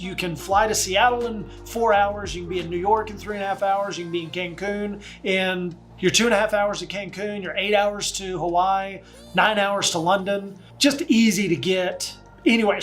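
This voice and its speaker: A man's voice: sits high, a bit bright. Man, real estate vlogger, folksy chatty talk, faint music behind. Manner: chatty, folksy, with slangy asides. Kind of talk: casual vlog.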